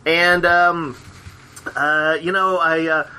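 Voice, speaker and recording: A man's voice: fairly high pitch, fairly even intonation, takes it slowly, pushed and bright, smooth, poor audio. A man co-hosting a podcast, chatting casually and rambling with many restarts. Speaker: podcast co-host. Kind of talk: casual chat.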